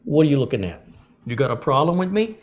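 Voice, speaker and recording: Man doing a tough new york city guy, brash, pushy, pitched up high, lively. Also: fast talker. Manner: confrontational, gruff street talk.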